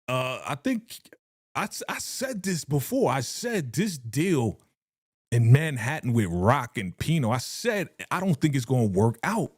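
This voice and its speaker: A man hosting a live stream, reacting to a TV episode, reading the chat and acting out scenes with animated energy. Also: medium pitch, no room sound, studio quality. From New York. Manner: animated, reads chat aloud, acts out scenes.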